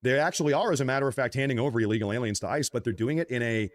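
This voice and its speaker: Measured male co-host reading news, dry sound. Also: medium pitch, dry recording. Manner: measured, addresses audience as folks.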